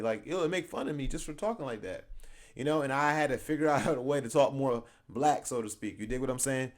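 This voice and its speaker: A young man with a medium-pitched, lively voice talks fast while hosting his channel and reacting to a video. His commentary is casual and conversational, and he laughs often as he makes his points.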